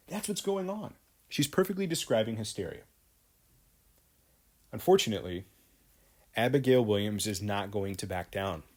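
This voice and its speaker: A man's voice: fairly low pitch, darkish tone. A man teaching a literature lesson, explaining a play in detail and often checking in with "right?". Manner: explanatory, frequent tag questions.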